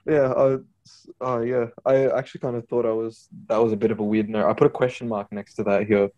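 Rambling low-voiced man. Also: little pitch movement, fairly quick, a little mellow, lo-fi sound. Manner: rambling, lots of fillers and restarts. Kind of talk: casual music chat.

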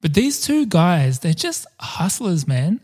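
A man hosts a podcast in casual chat. His voice sits a little high, and he tells the story with animated energy and the odd swear word. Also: slow. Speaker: podcast host.

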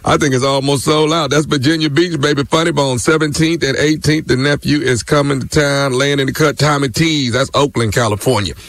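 A man co-hosting a radio show, plugging upcoming events in a brisk, upbeat way. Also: medium pitch, steady tone, fairly bright tone. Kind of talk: radio show banter and promo.

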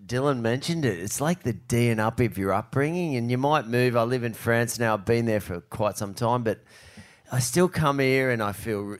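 Heartfelt man on a panel. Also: mid-range voice. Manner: heartfelt, emotional, rambling. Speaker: panel guest, surfer. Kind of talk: live on-stage panel talk. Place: live panel at a bowling club in front of an audience.

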